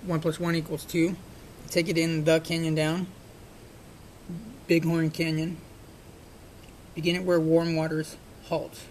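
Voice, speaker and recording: A man, thinking aloud as he works through a puzzle, with many fillers and restarts. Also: rough recording. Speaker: puzzle-solving video creator. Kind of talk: casual on-screen analysis. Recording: faint rumbling background noise.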